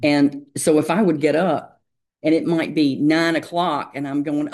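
Gravelly mid-pitched speaker giving a reflective testimony. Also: little pitch movement, a little slow, darkish tone. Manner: reflective, hesitant, with many fillers. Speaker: meeting member sharing. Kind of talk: personal testimony.

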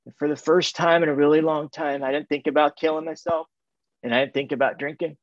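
Slightly high and steady, this man's voice carries no room sound. He's a middle-aged Californian sharing his recovery openly with a group, repeating himself and restarting lines, in a muffled, dull, dry recording.

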